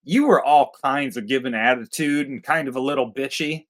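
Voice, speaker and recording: A man's voice: medium pitch, moderate pace. A man co-hosting a casual film review chat, blunt, profane and joking. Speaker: podcast co-host.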